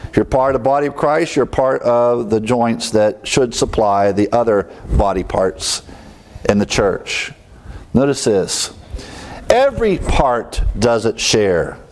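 A man's voice: medium pitch, a little mellow. A man preaching an expository sermon in a church, earnest and emphatic, rising on his key words. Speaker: pastor.

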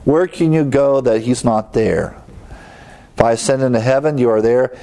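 A man's voice: mid-range voice, moderate pace, warm tone. A man preaching a Bible teaching sermon, explaining scripture in a conversational way with fillers and asides.

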